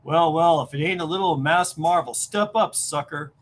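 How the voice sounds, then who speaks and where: A woman's voice: low-pitched, normal speed, voice pushed down. A woman doing a sneering tough-guy wrestler. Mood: taunting. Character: gruff, taunting male wrestler.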